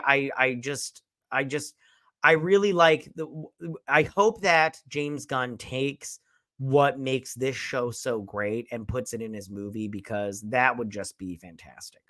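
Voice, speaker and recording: Bright-voiced, enthusiastic male reviewer. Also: medium pitch, no room sound. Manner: enthusiastic, rambling, swears casually. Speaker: show host and reviewer. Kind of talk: casual episode review.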